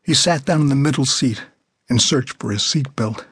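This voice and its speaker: A man narrating his own novel as an audiobook, with a measured, plain delivery. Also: mid-range voice, fairly bright tone, breathy edge, no room sound, studio quality.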